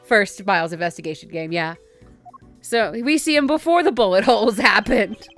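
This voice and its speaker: Woman streamer, animated, laughs and swears through casual game commentary. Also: mid-range voice, moderate pace, soft background music.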